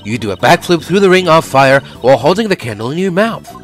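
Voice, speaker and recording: A man's voice: on the high side, lively intonation, fast, soft background music, close to an everyday voice. A man voicing a cheeky, playful teenage girl magician who teases the others. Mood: teasing. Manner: teasing, playful. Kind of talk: fan voice-over of a video game.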